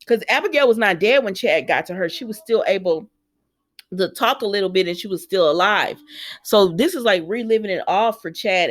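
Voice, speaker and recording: Chatty woman recapping a soap. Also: mid-range voice. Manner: chatty, animated retelling with asides to the audience. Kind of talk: casual recap monologue.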